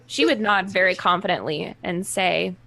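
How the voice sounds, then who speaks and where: A woman's voice: lowish voice, normal speed, vocal fry, pushed and bright. A woman playing a tabletop game, chatting and describing what her character does. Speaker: player.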